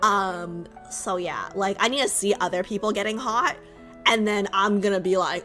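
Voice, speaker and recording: A woman streamer chatting casually with her viewers, self-mocking and repeating phrases as she goes, her voice a little raspy. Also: mid-range voice, normal speed, music in the background. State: slightly raspy voice.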